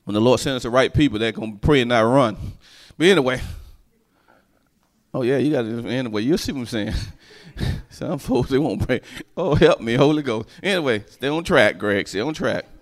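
A man's voice: medium pitch, normal speed. A man preaching a sermon, telling stories and checking in with the congregation in a call-and-response manner. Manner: animated, call-and-response, storytelling.

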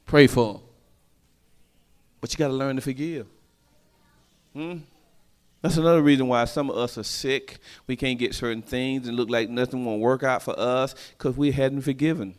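A man preaching a sermon, calling out to the congregation and swinging from hushed asides to shouted lines. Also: medium pitch, fairly even intonation, moderate pace.

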